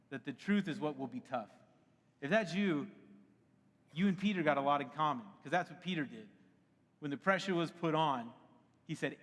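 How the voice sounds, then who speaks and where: Animated male preacher in a big hall. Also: a little high. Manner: conversational and animated, laughs often. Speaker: pastor. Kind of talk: sermon. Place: church auditorium. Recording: long hall reverb.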